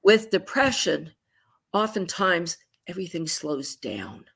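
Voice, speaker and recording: Animated woman therapist acting out examples. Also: fairly low pitch, slow, gravelly, husky. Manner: animated, acts out clients' inner voices with sighs. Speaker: psychotherapist. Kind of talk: conversational explanation with acted-out examples. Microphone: video call.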